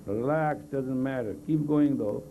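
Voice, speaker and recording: A man's voice: medium pitch, a little slow, vocal fry, slight background noise. A man leading a live group exercise class, giving blunt, coaxing commands in non-native English grammar. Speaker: meditation teacher. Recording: tinny lo-fi 1980s tape of a live talk.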